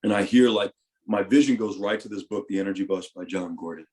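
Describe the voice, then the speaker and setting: A young man, a retired football player, telling his story in a candid interview. He talks animatedly and swears freely, and his voice swings between loud bursts and hushed asides. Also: deep voice, fairly quick.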